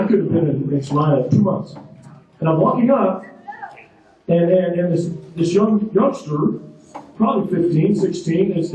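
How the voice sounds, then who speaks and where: A man delivers a motivational graduation speech in a high, mellow voice, telling stories emphatically and repeating his points. He sounds far from the microphone. The sound rings through a large, very echoey ceremony hall. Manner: storytelling, emphatic, repeats phrases.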